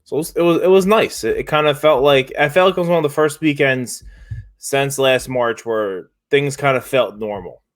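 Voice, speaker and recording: A man co-hosting a casual sports podcast, hesitant and halting, with many restarts and fillers. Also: medium pitch. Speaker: podcast co-host.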